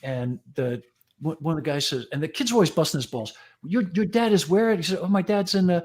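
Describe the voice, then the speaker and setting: A man in his sixties tells rambling, profane stories with a grin, slipping into quoted voices of old friends. His voice sits a little high for a man, and he talks like a fire chief holding court among buddies. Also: fairly quick, a little mellow. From United States. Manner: profane, jokey anecdotes with acted quotes. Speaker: guest, fire chief and magazine editor. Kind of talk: casual storytelling chat.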